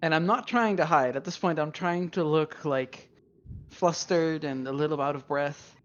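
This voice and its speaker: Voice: medium pitch, moderate pace. A tabletop game player chatting casually and thinking aloud about their next moves. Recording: dull lo-fi sound.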